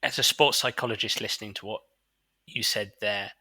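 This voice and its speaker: A man hosting a podcast as a sports psychologist, explaining in a measured, analytical way with some "uh"s and "um"s. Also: fairly low pitch, steady tone, pushed and bright, slightly rough, dry recording. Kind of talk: analytical interview commentary.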